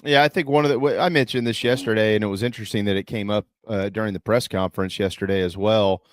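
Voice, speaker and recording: A man's voice: lowish voice, steady tone, quick pace, no echo, clean studio sound. A man hosting a casual sports talk, earnest and stumbling over his words.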